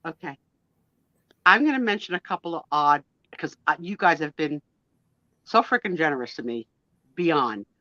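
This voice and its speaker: A woman with a New Jersey accent telling stories on a casual live stream, animated and self-mocking. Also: sits low, moderate pace, long pauses, dry recording, lo-fi sound. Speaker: co-host of a live sale stream. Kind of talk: casual storytelling chat.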